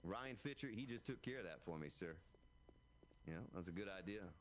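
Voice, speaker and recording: Chatty low-voiced man streaming a game. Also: animated, moderate pace, slight background noise. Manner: chatty, talks straight to viewers as folks. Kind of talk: live gameplay commentary. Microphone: broadcast dynamic microphone.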